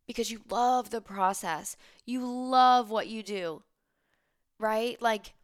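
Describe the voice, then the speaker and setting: A woman's voice: mid-range voice, vocal fry. Emotional, swearing woman podcast host. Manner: candid, swears freely, heartfelt. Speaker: podcast host and business coach. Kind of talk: emotional motivational monologue.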